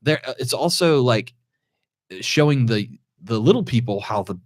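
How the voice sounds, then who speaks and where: A man's voice: medium pitch, lively intonation, moderate pace, no room sound, studio quality. A man co-hosting a podcast, talking in a loose, rambling way with many restarts. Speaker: podcast co-host. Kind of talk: casual chat.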